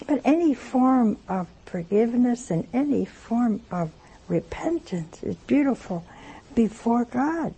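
A woman's voice: fairly high pitch, lively intonation, a little slow, dark tone, slightly rough. An older woman giving a chatty, folksy sermon, telling stories and acting out the dialogue in different voices. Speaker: religious speaker. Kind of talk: storytelling sermon.

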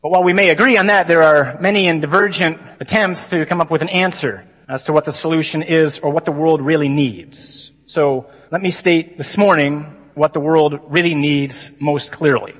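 A man, a priest, giving a lively conference talk to a crowd of men. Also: fairly high pitch, normal speed, few pauses. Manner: lively, mimics stuffy readings. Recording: long hall reverb.

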